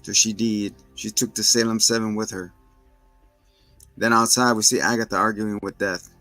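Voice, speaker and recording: A man, a parent, casually recapping a TV episode and retelling its scenes with quick asides. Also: fairly even intonation, pushed and bright, no room sound, faint music behind, rough recording. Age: adult with children. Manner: retells scenes and acts out the characters' lines in a higher voice. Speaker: show host recapping a TV episode. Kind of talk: casual recap with acted quotes.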